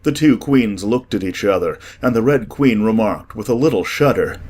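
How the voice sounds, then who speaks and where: A man narrating a children's classic in a measured storytelling way for an audiobook. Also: on the low side, expressive, a little mellow, husky.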